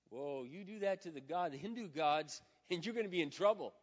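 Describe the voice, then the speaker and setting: High-voiced preacher man in an echoing hall. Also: lively intonation, a little fast, few pauses. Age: 50s. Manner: dramatic, swings from loud to hushed, acts out quoted prayers. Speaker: pastor. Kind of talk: sermon. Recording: dull sound with long hall reverb.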